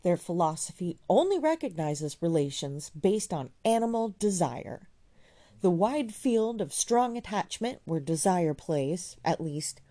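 A woman voicing a sharp, ironic young woman. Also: fairly low pitch, voice pushed up, full character voice. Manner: learned, cutting, then tearful. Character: young woman, clever, ironic, quick-tempered cousin.

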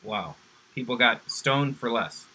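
Casual bright-voiced male host. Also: mid-range voice, animated, slow, breathy edge, rough recording. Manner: casual, conversational, wry. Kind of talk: faith discussion.

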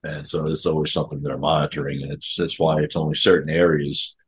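Very deep, husky-voiced man. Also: level tone, fast, low-quality recording. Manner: rambling, repeats words as he thinks. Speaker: podcast co-host. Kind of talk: casual chat.

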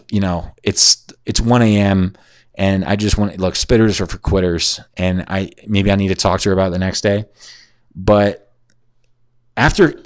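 A man in his twenties with a lowish voice hosts a podcast from his shared house, drunk and concussed. He tells a crude, profane story, rambling off on tangents and mocking himself. The recording is studio quality with no room sound.

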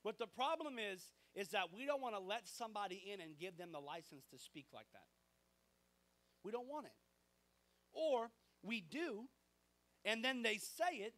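A man, preaching a sermon in a conversational, animated way, acting out dialogue from his stories. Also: high-pitched, normal speed, long pauses. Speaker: pastor.

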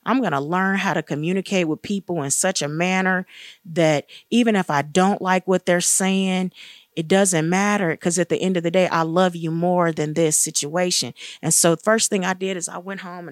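A woman's voice: steady tone, moderate pace, no echo. Earnest woman sharing faith testimony, dry sound. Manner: earnest and encouraging, acts out quoted dialogue with raised pitch. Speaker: guest speaker sharing testimony. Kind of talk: faith-based personal testimony.

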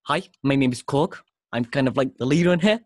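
A man's voice: mid-range voice, fairly quick, no room sound, clean studio sound, lightly acted. A man voicing a friendly male rock-alien warrior, in a clumsy put-on New Zealand accent. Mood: jokey. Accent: put-on New Zealand accent, done badly.

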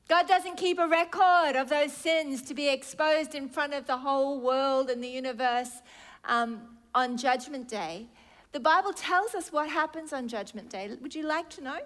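A woman pastor preaching a sermon, acting out prayers and God's replies as little dialogues, dropping to a hush and then rising loud. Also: high voice, moderate pace.

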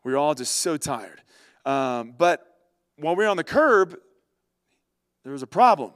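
A man telling a story in a casual, animated way, talking straight to his listeners. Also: fairly high pitch, normal speed, dry recording, studio quality. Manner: animated, chatty, addresses listeners directly. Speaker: vlogger.

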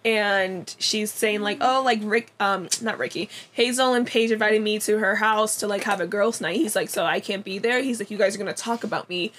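A woman's voice: mid-range voice, moderate pace, hardly any pauses, a bit bright, slight background noise. A young woman co-hosting a podcast, casually recapping a TV episode in a chatty way, full of "like" and acted-out quotes. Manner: chatty, lots of "like" and quoted dialogue. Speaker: podcast co-host.

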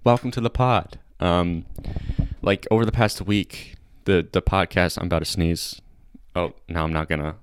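A young man hosting a casual comedy podcast, chatty and excitable, laughing often. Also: low voice, normal speed, slight background noise. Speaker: podcast host.

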